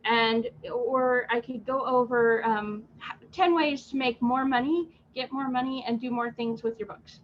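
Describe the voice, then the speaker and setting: A woman on a video call panel giving writers brisk, practical tips. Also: on the high side, steady tone, muffled recording, slight background noise. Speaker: writing coach panelist. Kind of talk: informal teaching talk.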